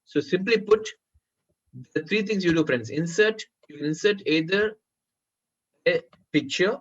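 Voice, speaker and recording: A man running a live software tutorial as a workshop trainer, often calling his listeners friends and checking whether they can see the screen. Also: sits high, lively intonation, measured pace. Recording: muffled lo-fi recording.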